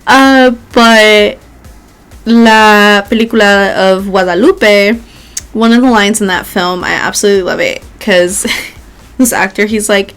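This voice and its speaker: A woman's voice: mid-range voice, fairly even intonation, a little slow, fairly bright tone, clear, resonant tone, faint music behind. A Mexican woman hosting a casual vlog, chatting while doing her makeup. She talks chattily, swears often, laughs a lot and mixes in Spanish words. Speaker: host and tarot reader.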